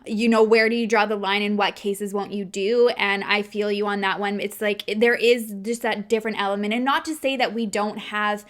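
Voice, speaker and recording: A woman's voice: medium pitch, fairly even intonation, moderate pace, few pauses. A woman hosting a podcast, asking questions in a casual, friendly, affirming way. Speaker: podcast host. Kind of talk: casual interview.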